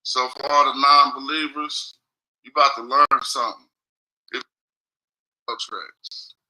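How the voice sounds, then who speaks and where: A man's voice: mid-range voice, fairly even intonation, takes it slowly, sharp tone, rough recording. A man streaming in casual talk, reading from his screen and explaining loosely while checking in with viewers. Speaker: streamer in a played clip.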